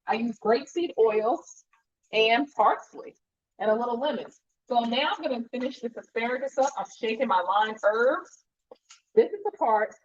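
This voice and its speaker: A woman's voice: fairly high pitch, slightly rough. Jersey-accented lady doing a live cooking stream, upbeat and chatty, kinda muffled sound. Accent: New Jersey. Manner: upbeat, chatty, reads viewer comments. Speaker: cooking show host.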